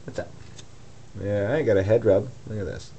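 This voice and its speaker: A man's voice: fairly low pitch, steady tone, fairly quick, mellow, highs cut off, a little hiss or hum. A man at home filming his pet cat, talking to her in a coaxing, chuckling way. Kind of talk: casual home video talk to a pet. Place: home room. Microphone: handheld camera mic.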